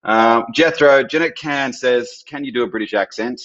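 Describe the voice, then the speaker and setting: A man's voice: mid-range voice, moderate pace, fairly bright tone, highs cut off. A man hosting a live stream, chatty, reading out viewer questions.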